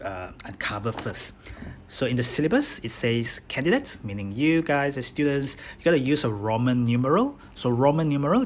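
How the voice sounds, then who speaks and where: A man with a Bruneian accent teaches a recorded chemistry lesson at a mid-range pitch. He walks through each point slowly and repeats the key ones. A faint hiss sits under his voice. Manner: explains step by step, repeats key points, says "okay?" often. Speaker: chemistry tutor. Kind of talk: recorded lecture over slides.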